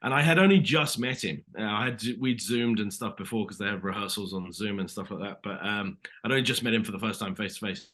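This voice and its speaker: A man's voice: lowish voice, fast, hardly any pauses, fairly bright tone. A British man in his thirties, an actor telling rambling stories in a casual interview, full of restarts and calling the host mate. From Britain. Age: 30s. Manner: rambling storyteller, many restarts, says mate. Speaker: actor guest.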